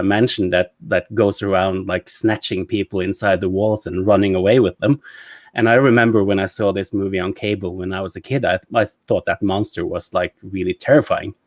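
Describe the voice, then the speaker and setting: A man in his thirties with a Norwegian accent, chatting about a movie in a halting way, full of fillers and restarts. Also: deep voice, no room sound, clean studio sound. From Norway. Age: 30s. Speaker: podcast co-host. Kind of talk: casual movie discussion.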